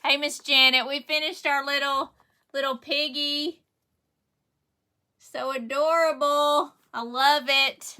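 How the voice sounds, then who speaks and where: A woman's voice: high-pitched, fairly even intonation, takes it slowly, sharp tone. A middle-aged woman with a Southern US accent, chatting casually on a craft livestream and greeting viewers by name.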